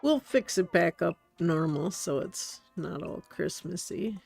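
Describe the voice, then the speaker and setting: Brief: easygoing woman game streamer, gravelly voice, slow chatty delivery. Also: fairly low pitch, expressive, darkish tone, soft background music. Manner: chatty, giggly, talks to her viewers. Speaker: streamer, host. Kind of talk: relaxed gameplay commentary.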